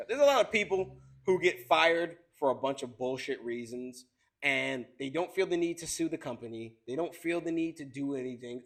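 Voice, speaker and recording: A man's voice: high voice, pushed and bright. A man co-hosting a casual talk show, blunt and profane, often restarting and repeating himself. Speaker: podcast co-host. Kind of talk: casual chat.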